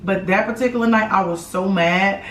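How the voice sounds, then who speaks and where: A woman's voice: medium pitch, normal speed. Blunt woman telling a story in a roomy room. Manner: animated, blunt, swears, talks straight to viewers. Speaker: vlogger co-host. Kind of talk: casual storytime chat. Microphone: camera mic from a few feet away. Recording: roomy sound, mic at a distance.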